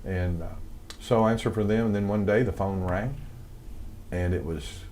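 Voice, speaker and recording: Low-voiced older Southern man. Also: steady tone, brisk, darkish tone, slight background noise. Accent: American Southern. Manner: rambling, many fillers and restarts. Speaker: guest, music composer. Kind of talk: casual interview storytelling.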